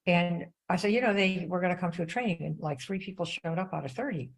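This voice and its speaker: Older female sales coach, low gravelly voice, lively conversational delivery. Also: fast, low-quality recording. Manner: animated storytelling, conversational. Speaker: network marketing coach. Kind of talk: casual live-stream talk.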